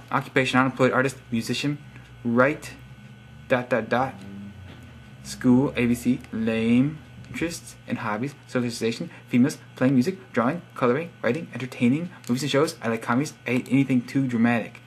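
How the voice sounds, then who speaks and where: Reading subscriber profiles aloud at a moderate pace, the young vlogger mocks them gently in a casual, sarcastic monologue peppered with wry asides. His voice is mid-range, and some slight background noise can be heard.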